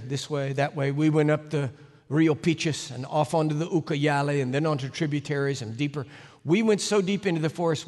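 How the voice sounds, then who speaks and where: An American man preaching, telling a story with animated, sudden loud swings and emphatic delivery. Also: fairly high pitch. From United States. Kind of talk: sermon storytelling. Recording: echoey hall reverb.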